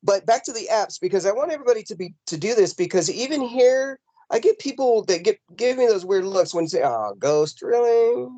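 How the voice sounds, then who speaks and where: A man's voice: sits high, fast talker, dry recording, muffled recording. Rambling man telling a ghost story. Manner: rambling, animated, lots of fillers and restarts. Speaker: paranormal investigator guest. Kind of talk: casual storytelling in an interview. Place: home in the mountains. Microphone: video call.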